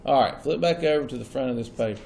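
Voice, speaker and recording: A man's voice: medium pitch, fast, creaky, a little mellow, slight background noise. Male teacher lecturing a class. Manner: checks in with students often.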